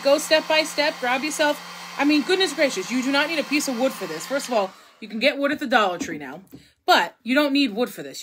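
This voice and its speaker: A woman's voice: sits high, a bit bright, breathy edge, low-quality recording. A woman, hosting a casual live painting tutorial, chatty and rambling as she talks to viewers while she works at home. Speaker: craft live-stream host.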